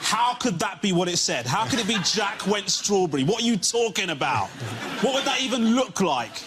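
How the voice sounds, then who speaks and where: A man's voice: sits high, lively intonation, normal speed, over loud music. A man doing a stand-up routine as a comedian on a TV panel show, with a ranting, sarcastic, exasperated delivery. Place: TV studio.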